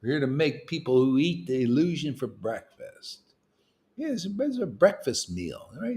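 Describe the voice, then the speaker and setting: A man leading a gathering of devotees, preaching in a loose, slangy, teasing way, with his voice swinging from loud bursts to quiet asides. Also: very animated, normal speed. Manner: emphatic and slangy, with swings in loudness and pitch; teasing, playful jokes between serious points. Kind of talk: informal preaching to a small group.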